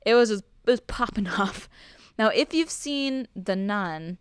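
A woman's voice: medium pitch, lively intonation, measured pace, clear, resonant tone, no room sound, clean studio sound. A young woman hosting a casual podcast, telling a spooky history story in a chatty way, swearing freely and laughing as she goes. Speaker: podcast host.

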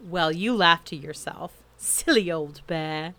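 A woman reading a children's story aloud in a soft, gentle storytelling voice, addressing the listener. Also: fairly low pitch, slow.

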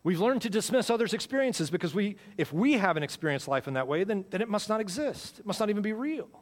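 A male pastor delivers a sermon with a somewhat high voice, which rings out with a long reverb in a church sanctuary. He keeps the tone conversational and repeats his key phrases for emphasis. His volume swings from loud bursts to near-murmurs. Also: very animated, quick pace.

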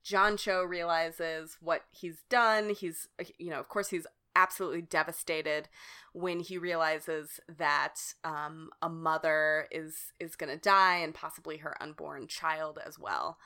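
A woman's voice: sits low, steady tone, measured pace, bright, forceful tone, smooth. A woman co-hosting a podcast, giving frank opinions in a casual chat and laughing easily. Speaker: podcast co-host. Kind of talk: casual chat about a TV show.

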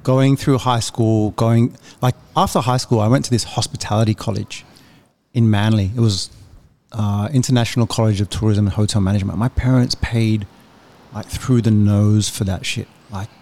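A man's voice: fairly low pitch, steady tone, moderate pace, mellow. A man in his thirties, a podcast guest telling candid, loose stories about his past and swearing freely. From Australia. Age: 30s. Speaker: podcast guest, music manager. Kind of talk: casual conversation.

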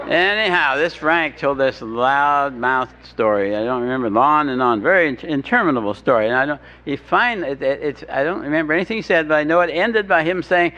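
A man's voice: fairly high pitch, animated, a little fast, hardly any pauses, sharp tone, some chatter behind. An older man telling his recovery story to an audience with dry humor, stumbling over words and acting out what others said. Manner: dry humor, restarts, quotes others in voices. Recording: dull lo-fi talk recording with faint hiss.

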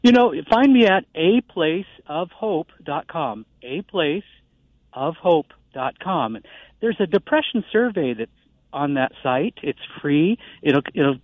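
A man who is the guest doctor on a call-in radio show, explaining calmly with many uh fillers over a phone line. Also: on the high side, slow pace, no room sound. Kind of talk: expert interview on a call-in show.

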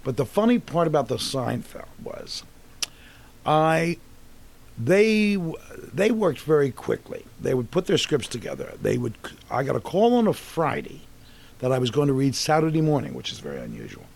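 A man in his sixties with a gravelly, husky voice tells long, rambling stories about his acting career. His pitch swings widely as he gets animated. He often restarts his sentences mid-thought. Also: moderate pace. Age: 60s. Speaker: actor guest. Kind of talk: casual storytelling interview.

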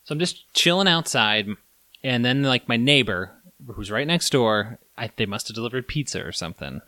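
Male podcast host, bright and forceful tone, dry close sound, animated storyteller. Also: medium pitch, moderate pace, no room sound. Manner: animated storyteller, acts out his own yelling. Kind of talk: casual podcast chat.

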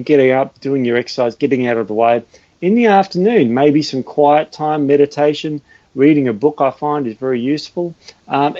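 A man's voice: mid-range voice, mellow, dry recording, dull audio. An Australian man talking as a health and fitness guest, chatty and earnest, often restarting his sentences. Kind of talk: casual explanatory chat.

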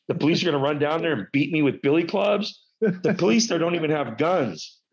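A man spins a comic anecdote in casual, profane talk. His voice leaps up and down with excitement. The recording sounds muffled. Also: a little fast, creaky. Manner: animated, profane, big pitch jumps. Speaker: storyteller.

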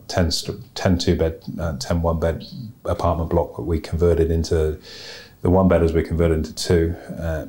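Male podcast host, low mellow voice, blunt and plain-spoken. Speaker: podcast host giving property investment advice. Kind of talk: casual advice talk.

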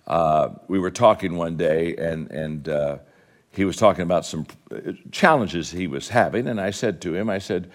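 A man preaching a sermon, telling stories with quoted dialogue, rising to fervent exhortation and closing in soft prayer. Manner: impassioned, climbing high and loud when exhorting. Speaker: guest preacher.

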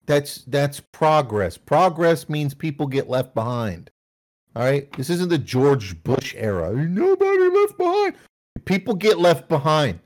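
A man's voice: medium pitch, expressive, unhurried. A man in casual, profane gaming chat who rants, laughs often and acts out quotes in silly voices.

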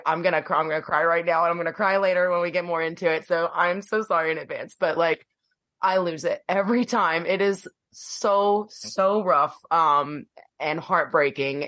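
A woman's voice: lowish voice, fairly bright tone. A woman co-hosting a podcast, gushing emotionally about a show with many ums and likes. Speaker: podcast co-host. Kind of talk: casual podcast review.

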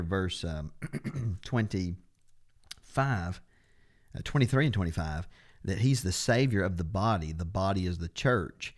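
A man teaching a Bible study on a podcast, who stresses and repeats key words as he explains them. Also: deep voice. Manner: steady explaining, restarts phrases.

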